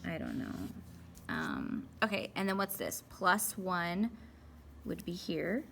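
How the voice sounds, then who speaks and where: A young woman walks through a math lesson in a bright, crisp voice, chatting and joking with herself as she works each problem. Her delivery is casual and playful rather than formal. A faint background noise sits under the recording. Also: on the low side, expressive, takes it slowly. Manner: chatty, playful, talks to herself while working. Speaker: math teacher.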